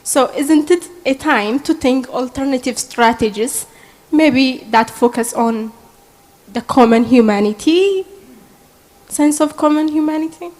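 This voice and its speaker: A young woman from Ethiopia, asking an earnest, measured question from the audience. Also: sits high, darkish tone, big-room sound, rough recording. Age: young adult.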